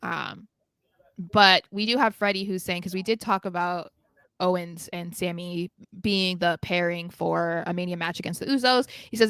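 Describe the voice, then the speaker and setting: Bright, clear-voiced woman chatting wrestling. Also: on the low side, no room sound. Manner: chatty, opinionated, many fillers. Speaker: podcast co-host. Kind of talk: casual wrestling chat.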